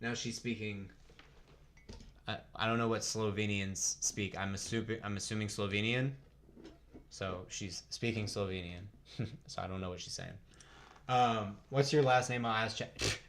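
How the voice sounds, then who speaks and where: A man's voice: lowish voice, fairly even intonation, a little slow, long pauses, slight background noise. Chatty man hosting a live fight stream. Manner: chatty, laughs often, thinks out loud. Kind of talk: casual live fight commentary to chat.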